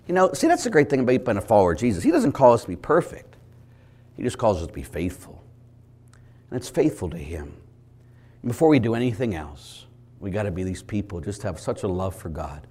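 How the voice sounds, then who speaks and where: Animated preaching priest, lively pitch. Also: male voice, fairly quick, breathy edge. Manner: animated storyteller who acts out voices and shouts for emphasis. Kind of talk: lively preaching with acted dialogue.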